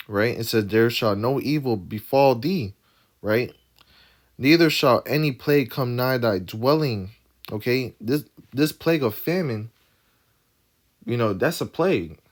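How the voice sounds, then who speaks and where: Speaking at a medium pitch, this man takes things slowly, leaving long pauses. He's a scripture teacher giving informal Bible teaching, reading passages aloud, explaining them with emphasis, and repeatedly asking "right?" after every point.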